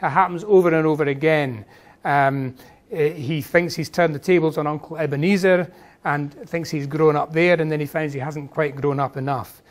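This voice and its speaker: A man delivers a conference lecture. His voice sits a little high for a man, and he speaks in an earnest, measured way, pausing on fillers as he gathers his points. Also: steady tone.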